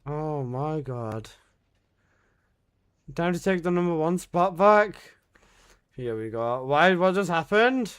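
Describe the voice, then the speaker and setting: A man's voice: on the high side, animated, takes it slowly, pauses often, clear, resonant tone. A young man streaming live and chatting to his viewers, exclaiming, swearing often and breaking into laughter.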